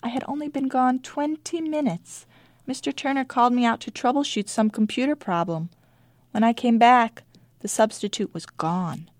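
A woman's voice: a little high, moderate pace, no echo. A woman teacher reading her own diary entries aloud in a dry, wry storytelling manner.

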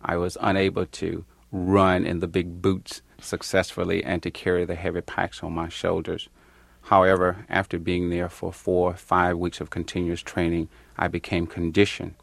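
A man from Georgia, an army veteran, speaking plainly and in a measured way about his service. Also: deep voice, monotone, creaky, dry recording. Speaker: Vietnam veteran, army infantryman. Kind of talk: reflective interview testimony.

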